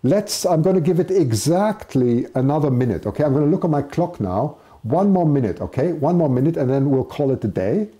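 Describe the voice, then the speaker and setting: A man's voice: a little high, lively intonation, fairly quick, few pauses, dark tone. A man hosting a live stream, chatting casually as he announces poll results. He pokes fun at himself and laughs often. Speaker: live show host.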